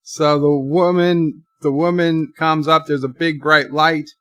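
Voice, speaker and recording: A man with a slightly high, fairly bright voice delivers unhurried, flat commentary with no echo. He hosts a channel and is watching a TV episode in real time, riffing off the cuff, thinking out loud and narrating what unfolds on screen.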